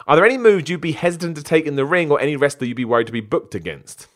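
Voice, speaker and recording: A man's voice: fairly high pitch, expressive, rapid-fire, a bit bright. A man, a wrestler, reading out viewer questions and answering them in a rambling, self-deprecating way, often stumbling over names. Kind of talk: casual Q&A chat, reading messages aloud.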